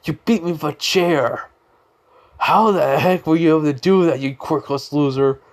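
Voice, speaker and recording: A man's voice: on the high side, a little slow, pitched above the performer's own voice. A man voicing a hot-tempered teenage boy rival who barks insults. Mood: angry.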